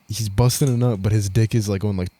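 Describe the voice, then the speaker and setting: A man's voice: fairly low pitch, steady tone, fast talker, background noise. A young man co-hosting a podcast, telling a story in casual chat, rambling, swearing a lot and laughing as he goes. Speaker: podcast co-host.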